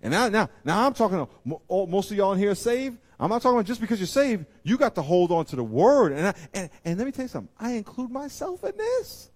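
A man preaching a sermon to his congregation, with emphatic delivery that swings from loud exclamations to quiet intensity and repeatedly addresses the audience directly. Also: high voice, sing-song, fast talker, few pauses. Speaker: pastor.

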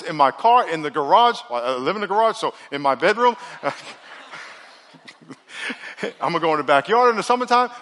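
A middle-aged male pastor preaching a sermon in an energetic, joking way, leading the crowd in call-and-response. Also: high voice. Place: large church auditorium. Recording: long reverb of a large church hall.

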